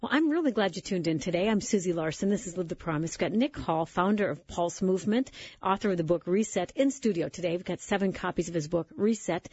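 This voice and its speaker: Woman radio host, husky, low voice, friendly brisk delivery, dry slightly dull studio sound. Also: expressive, darkish tone, no echo. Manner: friendly, brisk promo reading. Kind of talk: radio interview.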